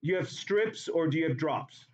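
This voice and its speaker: A man's voice: a little high, expressive, normal speed, highs cut off. A man teaching a chemistry class in a classroom, talking playfully and repeating words for emphasis. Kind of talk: classroom lecture.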